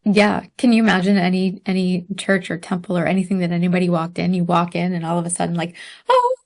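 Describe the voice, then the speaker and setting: A woman telling a story in casual podcast chat, animated, laughing often and using many fillers. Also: fairly low pitch, quick pace, creaky. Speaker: podcast guest.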